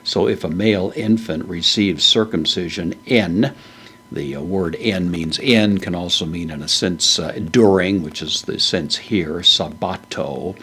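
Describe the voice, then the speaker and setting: A man's voice: deep voice, a little slow, fairly bright tone, breathy edge. A man giving a verse-by-verse Bible lesson, methodically parsing Greek words with frequent hesitant fillers. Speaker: Bible teacher. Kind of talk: verse-by-verse Greek exegesis lecture.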